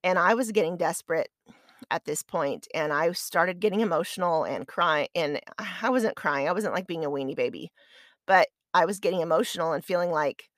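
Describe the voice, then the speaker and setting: A woman podcast host telling a story from her own life in a casual, chatty way, poking fun at herself as she goes. Her voice sits on the low side for a woman. The recording is close and dry, with no room sound. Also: moderate pace, fairly bright tone, no room sound. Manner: chatty, conversational, self-deprecating.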